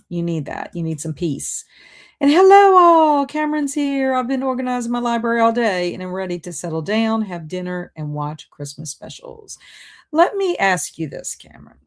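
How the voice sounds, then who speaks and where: A woman hosting a livestream, chatting casually and reading out viewer comments while multitasking. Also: lowish voice. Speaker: BookTube livestream host.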